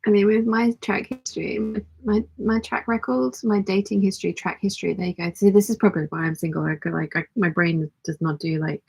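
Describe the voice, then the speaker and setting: A woman hosts a relaxed sewing hangout, her voice hoarse and croaky from being ill. She talks in a rambling, self-mocking way, with a gravelly rasp and a husky edge to every phrase. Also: mid-range voice, brisk, few pauses. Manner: rambling, self-deprecating, chatty. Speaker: sewing livestream host. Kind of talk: casual chat to live chat while sewing. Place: home sewing studio.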